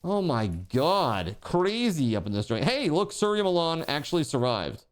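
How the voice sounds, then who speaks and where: A man's voice: fairly high pitch, normal speed. A man streaming a game live, chatting with viewers and yelping and laughing at the action on screen. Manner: excitable, yelps and laughs at the game. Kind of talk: live gaming stream chat.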